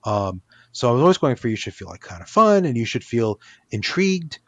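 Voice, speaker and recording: A man's voice: mid-range voice, big pitch swings, fairly quick, a bit bright, no echo, dull audio. A man, an author, talking casually in an interview, rambling with many restarts and fillers. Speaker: author guest.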